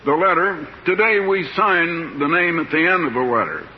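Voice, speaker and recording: An older man preaching a sermon in a slow, plain-spoken, folksy way, stretching out words for emphasis. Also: on the high side, animated. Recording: dull lo-fi tape with faint hiss.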